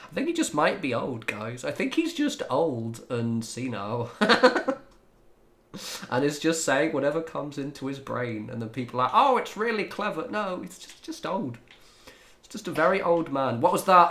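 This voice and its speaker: A laid-back man talks to his viewers while he plays a game on stream. He keeps it casual, laughs a lot and swears freely, at a mid pitch. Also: big pitch swings, normal speed, fairly bright tone. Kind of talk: casual livestream chat while gaming.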